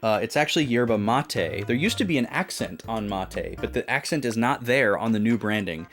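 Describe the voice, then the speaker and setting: Young man, lowish voice, loose rambling chat host, faint music underneath. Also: animated, brisk, a bit bright. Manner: rambling, filler-heavy, conversational. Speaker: podcast co-host. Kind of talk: casual chat.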